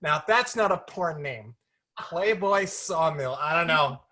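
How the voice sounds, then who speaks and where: A woman's voice: sits low, lively intonation, unhurried, pushed and bright. Playful rambling woman on a video call. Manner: playful, rambling, self-interrupting. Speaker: author being interviewed. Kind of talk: casual video-call conversation. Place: home, virtual event.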